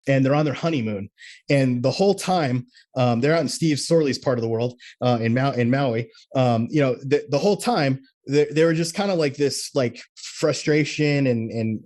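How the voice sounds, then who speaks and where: Male coach, mid pitch, earnest and animated, casual group-call delivery. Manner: earnest, animated, acts out quotes.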